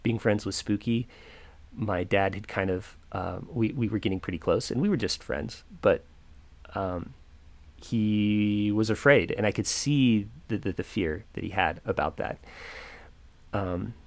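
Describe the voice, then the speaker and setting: A young man tells a personal story in a low, gravelly voice. He speaks reflectively and haltingly, with many fillers. The sound is dry and close. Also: no echo. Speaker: podcaster.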